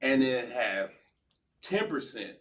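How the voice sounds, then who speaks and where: A man's voice: mid-range voice, very animated, takes it slowly, fairly bright tone, recorded from a distance. A man as a guest in an interview, enthusiastic and affirming, often repeating himself. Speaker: guest, former football player. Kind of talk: casual interview chat.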